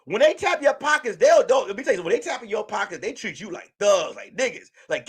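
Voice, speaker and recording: Animated high-voiced man riffing on stream. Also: a little fast, few pauses, slightly rough. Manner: animated, joking, acts out quotes in mock voices. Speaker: livestream host. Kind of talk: casual commentary monologue.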